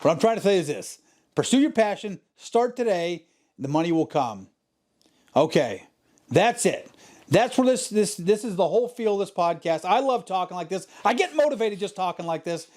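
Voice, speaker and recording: A man's voice: high-pitched, a little mellow. A man hosting his own podcast, giving an emphatic, profane motivational talk that keeps repeating its points. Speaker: podcast host. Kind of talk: motivational monologue.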